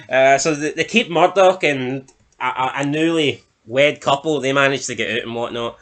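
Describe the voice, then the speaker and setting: A man's voice: on the high side, normal speed, a bit bright. A man chatting casually as a reviewer, recapping a TV episode in a loose, rambling way with frequent restarts and the odd swear. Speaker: film and TV reviewer.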